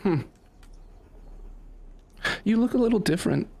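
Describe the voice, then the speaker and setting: A scornful teenage scout girl, played by a man, full of sarcastic jabs and groans about the outdoors. The voice jumps up and down in pitch as the complaints pile up. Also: animated, unhurried, gravelly, warm tone, full character voice. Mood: sulky. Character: sulky teenage girl scout who hates camping.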